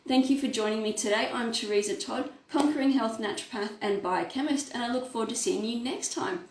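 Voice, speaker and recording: A woman's voice: on the high side, a little fast, a little mellow. A woman, explaining health advice as a naturopath in an unscripted talk with frequent fillers. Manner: explanatory, many fillers and restarts. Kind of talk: educational health talk to camera. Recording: roomy echo.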